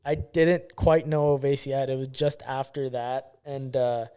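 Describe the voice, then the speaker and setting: A young man from Southern California, hosting a podcast and telling a story in casual chat, animated and swearing freely. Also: medium pitch, unhurried, clear, resonant tone. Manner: animated, swearing, acts out quotes. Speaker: podcast host.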